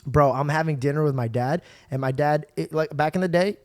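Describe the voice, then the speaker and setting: A young man hosting a podcast, telling stories in a casual, animated way. He swears and acts out the people in his stories. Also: a little high, brisk, dry recording. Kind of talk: casual storytelling chat.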